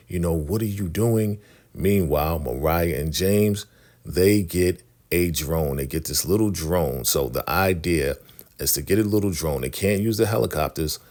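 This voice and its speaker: A man casually recapping a TV episode, acting out the characters' lines in an animated way. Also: low voice. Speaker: show recap host.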